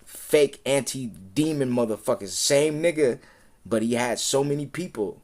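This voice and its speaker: Man, live-stream rant, profane, heated, rambling, repetitive, mid-pitched voice. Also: a little slow, a little mellow.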